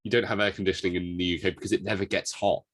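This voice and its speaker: A man's voice: deep voice, level tone, rapid-fire, fairly bright tone, no room sound. A young man from England, co-hosting a podcast in joking, self-deprecating chat while ill with covid. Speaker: podcast co-host. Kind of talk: casual chat.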